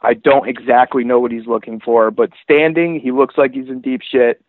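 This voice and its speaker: Excitable man on a tinny line. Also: mid-range voice, moderate pace, no room sound. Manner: animated, profane, rambling asides. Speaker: podcast host. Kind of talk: casual chat about fights. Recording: tinny phone-like dry sound.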